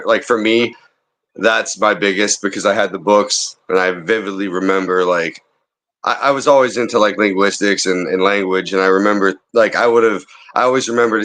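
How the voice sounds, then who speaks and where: A man speaking as a guest in a casual panel chat over a video call, halting and quick to admit he might be wrong. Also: fairly low pitch, a bit bright. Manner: hesitant, self-doubting, restarts often.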